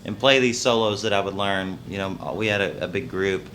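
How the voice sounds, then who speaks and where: A young man talks in a fairly low voice that still has a bright, forward edge. He is earnest and humble, rambling and restarting his sentences as he tells his story in an interview. A little noise sits faintly behind him. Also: fairly quick. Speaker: country singer and guitarist. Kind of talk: casual interview.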